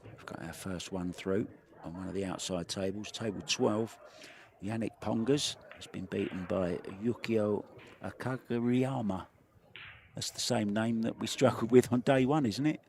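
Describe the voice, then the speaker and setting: Wry pool commentator, low voice. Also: male voice, moderate pace, gravelly, a little mellow, slight background noise. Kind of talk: live sports commentary.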